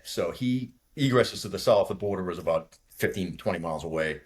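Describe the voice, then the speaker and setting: A man in his sixties from the Boston area, with a fairly low voice. He tells war stories in a loose, profane, laughing way and acts out radio calls as he goes. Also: steady tone, a little fast, hardly any pauses, slightly rough. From outside Boston, USA. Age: 60s. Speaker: guest, retired fighter pilot. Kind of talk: casual war storytelling.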